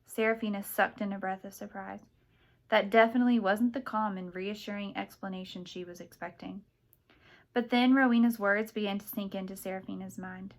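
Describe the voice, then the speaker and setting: A woman's voice: medium pitch, steady tone, brisk. Woman reading an audiobook aloud. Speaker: audiobook narrator. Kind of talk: audiobook narration.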